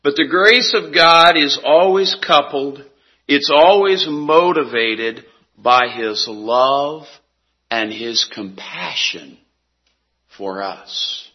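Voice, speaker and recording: A man preaching a sermon in a slow, earnest way, his voice sinking soft on key words. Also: medium pitch, highs cut off.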